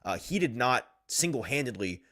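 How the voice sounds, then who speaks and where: A man hosting a sports talk show, reading out fan comments and ranting in an animated way with frequent chuckles. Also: mid-range voice, normal speed. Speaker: sports podcast host.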